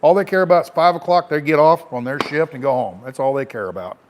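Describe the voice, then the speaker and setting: A man's voice: fairly high pitch, fast, a little hiss or hum. A middle-aged American man, a truck driver, telling a rambling, frank story to camera in a casual way.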